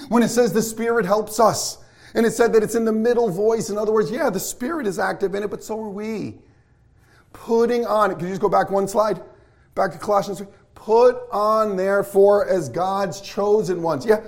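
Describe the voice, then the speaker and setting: A man preaching a sermon to his congregation, excitable and full of questions to the listeners. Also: high-pitched. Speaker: pastor.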